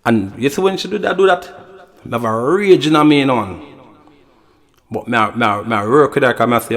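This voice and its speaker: A man with a Jamaican accent tells a loose, wandering story in the studio, leaning again and again on the same little tag phrases. His voice sits at an ordinary middle pitch, and the recording carries a long, hanging reverb behind every word. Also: normal speed, long pauses. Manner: rambling, repeats "you know" and "you see me". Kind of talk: casual anecdote telling.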